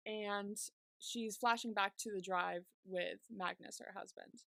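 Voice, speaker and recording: Chatty woman recapping, gravelly edge. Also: mid-range voice, steady tone, unhurried, fairly bright tone, no echo. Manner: chatty, many "like" fillers while retelling scenes. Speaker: podcast co-host. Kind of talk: casual episode recap.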